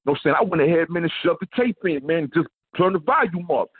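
A man's voice: on the high side, expressive, racing, breathy edge, dry recording. A man, casually telling stories as a guest, filling his talk with "man" and "you know what I'm saying". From New York. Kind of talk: casual storytelling. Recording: tinny phone line.

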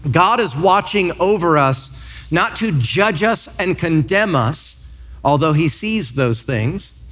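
A man in his thirties, a pastor preaching a sermon in church, telling lively stories and acting out quotes. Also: fairly high pitch, takes it slowly. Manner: lively storytelling with acted-out quotes.

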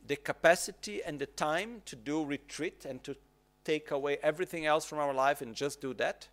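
Man, buddhist teacher, calm step-by-step instruction, somewhat high voice. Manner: calm, repetitive instructive phrasing, checks in with "okay?". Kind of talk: dharma teaching on retreat.

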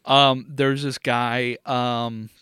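A man's voice: mid-range voice, level tone, extremely slow, bright, forceful tone, clean tone, no echo, studio quality. A young man co-hosting a podcast, telling a rambling story in a joking, casual way. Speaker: podcast co-host. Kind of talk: casual chat.

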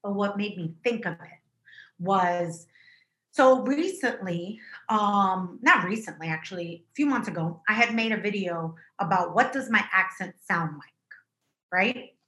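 Bright-voiced woman, animated podcast co-host. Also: medium pitch, a little slow, echoey room. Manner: animated, hype, emphatic. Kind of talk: casual chat. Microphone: video call.

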